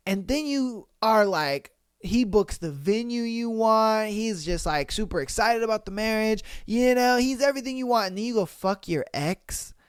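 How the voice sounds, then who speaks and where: A man hosting a podcast, reading listener posts aloud and reacting with animated, slangy, profane commentary. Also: sits high, normal speed, clear, resonant tone, no room sound, clean studio sound. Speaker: podcast host.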